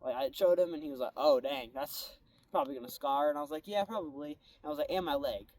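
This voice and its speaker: A man's voice: fairly high pitch, quick pace, darkish tone. A young man casually telling a story about his own day, rambling and laid-back, saying "bro" and "like" a lot. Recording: a bit distant from the mic, faint background noise.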